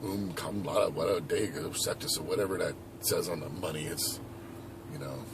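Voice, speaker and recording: A man in his forties from Southern California, chatting casually and rambling to camera as a vlogger, hyperactive and animated, outdoors at a skate park. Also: low-pitched, moderate pace, creaky, noisy background. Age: 40s. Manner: hyperactive, animated, loose and conversational with many asides.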